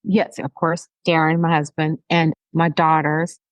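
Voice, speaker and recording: A woman's voice: sits low, little pitch movement, unhurried, no room sound. A woman hairstylist, a guest on a podcast, speaking earnestly and encouragingly about community and support. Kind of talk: casual interview chat.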